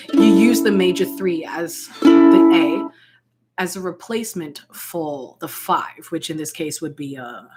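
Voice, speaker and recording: Woman, casual ukulele tutor, rambling delivery full of fillers, faint ukulele playing behind. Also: lowish voice. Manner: rambling, with many fillers and restarts. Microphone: ukulele played alongside.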